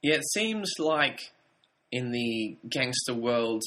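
A man co-hosting a film review podcast, thoughtful and measured, pausing now and then to find his words. His voice is bright and crisp, at a middle pitch. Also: animated. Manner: thoughtful, measured, slightly hesitant. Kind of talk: casual film review chat.

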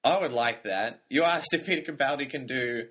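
A young man co-hosting a TV review podcast, easygoing and quick to laugh. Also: mid-range voice, fairly bright tone. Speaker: podcast co-host. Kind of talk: casual TV review chat.

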